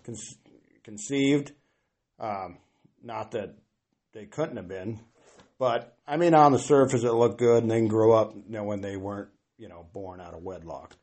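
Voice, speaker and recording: A man's voice: on the low side, a little slow, a little mellow. Middle-aged guy rambling on a podcast, laughs at himself, keeps restarting sentences. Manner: rambling, self-deprecating, hesitant restarts. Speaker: podcast guest. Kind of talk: casual podcast chat.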